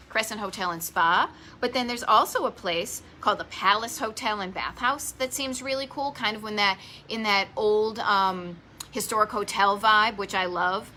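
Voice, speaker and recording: A woman's voice: medium pitch, pushed and bright, a little hiss or hum. A woman with a Boston accent hosting a live online show about vintage travel spots, chatting casually and enthusiastically with self-deprecating asides. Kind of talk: casual live-stream chat. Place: home garage office.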